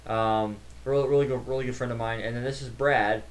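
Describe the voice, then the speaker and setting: A man's voice: mid-range voice, fairly even intonation, a little fast, a little hiss or hum. A man, a network engineer, casually recapping a tech conference in a rambling, chatty way with many fillers.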